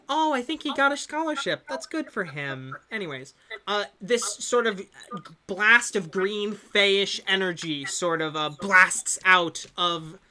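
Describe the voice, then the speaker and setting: A woman narrating as game master of an online tabletop game, casual and laughing, drawing out her descriptions. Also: mid-range voice. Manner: casual and laughing, swearing, with lively slowed narration. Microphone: computer mic on a voice call.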